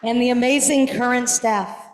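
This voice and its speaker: A woman's voice: a little high, fairly even intonation, moderate pace. A middle-aged woman rabbi giving a gala tribute speech, earnest with touches of self-deprecating humor. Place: large banquet hall. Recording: echoey hall with crowd murmur. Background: faint crowd noise.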